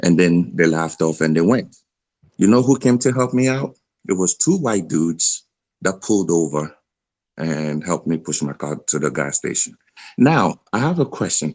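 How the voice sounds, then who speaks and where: Deep-voiced West African man, halting. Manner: halting, many restarts, rising insistent pitch when pressed. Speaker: caller. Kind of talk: call-in debate.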